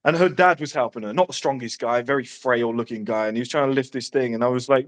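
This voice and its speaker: A man's voice: mid-range voice, lively intonation, a bit bright. A man giving brash, profane dating advice in casual podcast chat. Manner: brash, swearing, quick one-liners.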